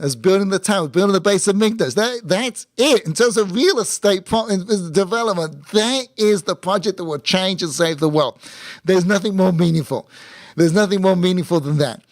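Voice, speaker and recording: A man teaching a Torah class as a rabbi, lively and acting out quick imagined conversations, often asking "right?". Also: high-pitched, dry recording, clean studio sound. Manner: animated, acts out imagined dialogue, many "right?" tags.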